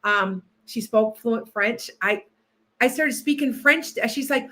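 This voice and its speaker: On a relaxed livestream, a female host and tarot reader keeps setting up, chatting with viewers, and restarting her sentences in a rambling, distracted way. Her voice sits on the high side, pushed and bright, at a moderate pace.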